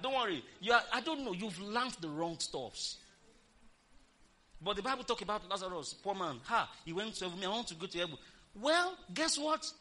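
A woman pastor preaching an emphatic sermon, firing rhetorical questions at the congregation and breaking into loud exclamations. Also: mid-range voice.

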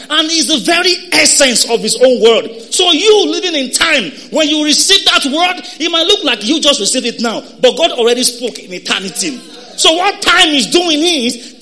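High-voiced, lively preacher man. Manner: call-and-response preaching, urging the congregation; bursts into shouted exhortations. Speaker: pastor. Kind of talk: sermon.

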